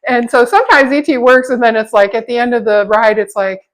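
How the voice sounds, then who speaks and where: Chatty middle-aged woman, high voice, vlog storyteller who laughs a lot and acts out other people's voices. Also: fairly quick, rough recording. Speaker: vlogger.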